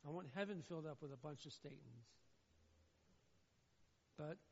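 A man preaching a sermon as pastor, swinging between loud, pleading emphasis and low, somber passages. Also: lively intonation, moderate pace, husky. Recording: dull, muffled sound with long hall reverb.

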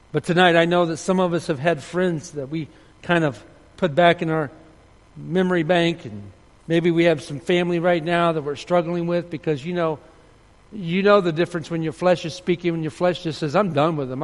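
Man, pastor preaching, earnest, somewhat high voice, long hall reverb. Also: moderate pace. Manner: earnest preaching, voice rising for story and dropping soft for appeals. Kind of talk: sermon.

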